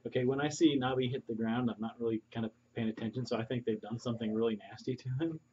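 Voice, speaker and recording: A man's voice: mid-range voice, fairly even intonation, fast, darkish tone, a little hiss or hum. A man playing a tabletop game, talking casually and offhandedly, on a muffled lo-fi recording from off-mic. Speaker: player.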